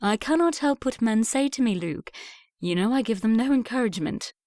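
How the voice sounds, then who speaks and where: A woman's voice: fairly high pitch, lively intonation, brisk, a little mellow, no room sound, studio quality, lightly acted. A woman voicing a frank young lady. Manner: firm, plain-spoken. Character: young English lady, frank and spirited dressmaker.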